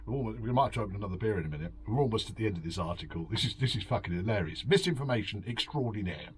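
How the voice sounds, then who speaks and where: A man's voice: lowish voice, animated, very fast, slight background noise. A man hosting a beery home review, reading out an article and mocking it with sighs, swearing and sarcasm. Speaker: host. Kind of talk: drunken rambling review. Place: home, drinking beer.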